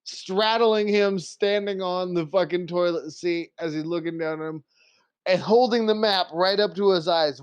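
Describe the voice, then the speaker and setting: A man's voice: sits high, smooth, dry recording. A man narrating a tabletop game as game master, telling the scene in a crude, joking way. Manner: crude, laughing, drawn-out storytelling.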